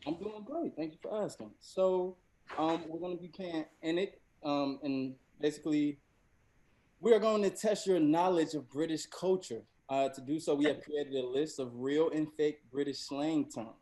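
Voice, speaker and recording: A man's voice: on the high side, warm tone, slight background noise. Male game host, fumbling and self-mocking. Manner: halting, full of fillers, laughs at himself. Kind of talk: explaining a game show round.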